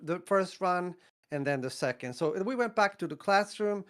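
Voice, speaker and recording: A man's voice: moderate pace, clear, resonant tone. A man in his fifties from northern Sweden with a Swedish accent, telling stories in a casual podcast chat, acting out quotes and laughing often. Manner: animated, acts out quotes with big pitch jumps, laughs often. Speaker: podcast co-host.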